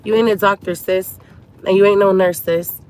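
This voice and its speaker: A woman's voice: medium pitch, fairly even intonation, normal speed, darkish tone. A woman from a Cuban family, upset and near tears, venting to her viewers in an emotional storytime vlog, talking to them like girlfriends. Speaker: vlogger.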